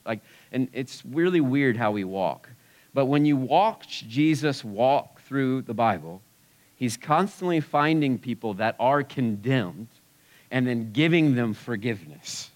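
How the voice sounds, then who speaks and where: A man preaching a sermon to a live audience in a relaxed, conversational way, swinging between loud and hushed. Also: medium pitch, measured pace, poor audio.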